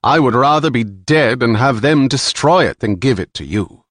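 A man's voice: medium pitch, animated, normal speed, a bit bright, no room sound, studio quality. A male narrator voicing a stubborn, proud man who defies his captor. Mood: defiant. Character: defiant older male treasure seeker.

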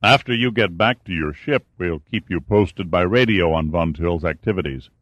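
A man voicing a composed official who speaks in formal, measured phrases. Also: low-pitched, a bit bright, no room sound, dull audio.

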